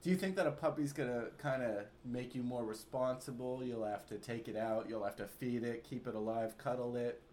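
A man hosting a podcast, chatting casually with quick asides. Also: mid-range voice, darkish tone, slight background noise. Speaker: podcast host.

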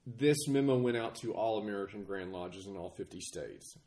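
A man recovering from a chest cold, talking casually as a podcast guest and explaining things in a measured way with frequent restarts. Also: on the low side, dark tone. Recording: roomy echo.

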